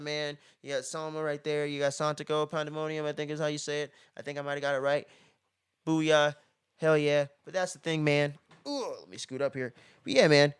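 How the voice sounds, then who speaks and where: A man rattles through a film recap in loose, slangy talk, swearing freely and tagging "man" onto nearly every phrase. His voice sits a little high and sounds smooth and clear. The recording is dry and close. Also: a bit bright, no echo. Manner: slangy and profane, ends many phrases with "man". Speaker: movie reviewer. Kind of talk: casual spoiler movie review.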